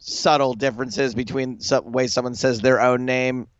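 Male podcast co-host, mid pitch, chatty and animated, dry muffled sound. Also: normal speed, dry recording. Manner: chatty, lots of filler likes, animated retelling. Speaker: poker show co-host. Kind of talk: casual podcast chat.

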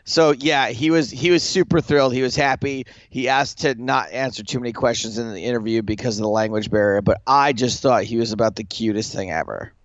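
Male podcast co-host, mid pitch, chatty and animated, dry muffled sound. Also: brisk, hardly any pauses, no room sound. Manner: chatty, lots of filler likes, animated retelling. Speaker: poker show co-host. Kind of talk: casual podcast chat.

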